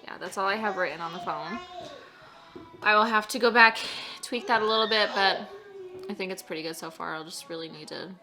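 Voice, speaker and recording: A woman's voice: mid-range voice, brisk, music in the background. A woman and mother telling a personal story to her camera in a casual, rambling way with frequent laughs, recorded at home on a camera-top microphone. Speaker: vlogger and mother.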